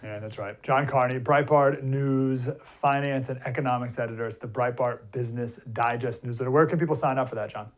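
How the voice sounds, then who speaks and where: A man guest hosting a talk radio show, jokey and lively. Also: medium pitch, fairly quick, few pauses.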